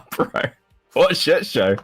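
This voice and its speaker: A man in casual chat, talking candidly and quickly with the odd curse. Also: fairly low pitch, no echo. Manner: rapid, candid, profane.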